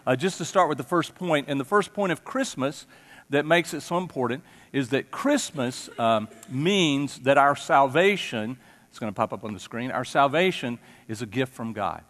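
A man's voice: mid-range voice, animated, moderate pace, fairly bright tone. Man preaching in a reverberant hall. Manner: conversational, asks the congregation questions. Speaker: pastor. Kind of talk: sermon. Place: church sanctuary.

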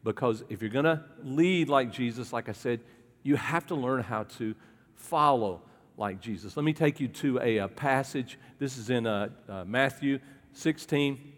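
A man preaches to his congregation in an easygoing, conversational way, stopping to ask the room questions. His voice sits at an ordinary middle pitch. A long reverb trails off the walls of the hall around him. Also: moderate pace. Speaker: pastor. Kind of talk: sermon.

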